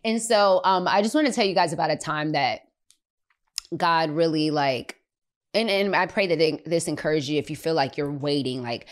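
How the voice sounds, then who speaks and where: Low-voiced woman telling a faith story. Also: moderate pace. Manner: animated, acts out children's voices, laughs often. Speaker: podcast host.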